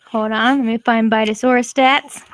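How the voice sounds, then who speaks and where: A woman's voice: on the high side, steady tone, normal speed, dry recording. A young woman narrating as game master, laughing often as she goes.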